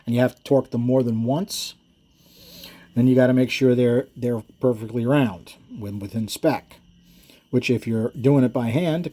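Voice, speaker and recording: Husky, mellow-voiced man talking engines. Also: mid-range voice. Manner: rambling, self-correcting, chuckles often. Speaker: engine builder and host. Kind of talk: casual shop talk and storytelling.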